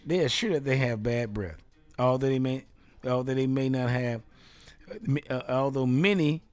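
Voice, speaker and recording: A male talk show host in a casual solo show, riffing playfully and laughing at his own jokes. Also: medium pitch. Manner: playful, self-amused riffing.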